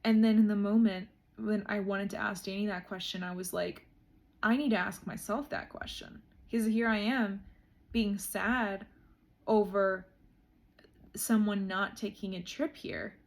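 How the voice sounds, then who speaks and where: A woman's voice: medium pitch, steady tone, measured pace. A young woman vlogger talking casually and emotionally, with many likes and you-knows. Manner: emotional, heartfelt, says "like" a lot. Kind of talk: reflective casual chat.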